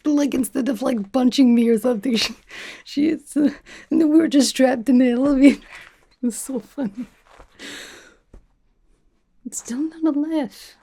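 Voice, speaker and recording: Whispered role-play of a brash female spy, as a woman puts her on, teasing and chatty that drops its articles. Her voice sits a little high yet mellow, and she rambles in soft, half-whispered asides. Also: moderate pace, pauses often, husky. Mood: playful teasing. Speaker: ASMR creator.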